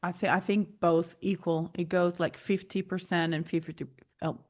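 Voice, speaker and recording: An Italian woman speaking English as her second language, with a slight lisp and a low voice. She talks haltingly and often searches for the right word. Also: level tone, a little mellow. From Italy. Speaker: guest musician. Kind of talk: casual interview chat.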